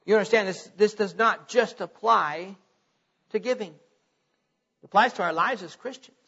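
In a church hall whose long reverb fills the muffled, lo-fi recording, a man gives a sermon in a bright, high voice. His tone with the congregation is conversational, turning forceful whenever he recounts scripture.

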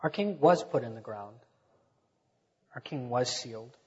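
A man preaching a sermon to a congregation, rising to loud emphatic swells and dropping back to quiet speech. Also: mid-range voice, animated, a little slow, breathy edge. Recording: dull echoey sanctuary recording.

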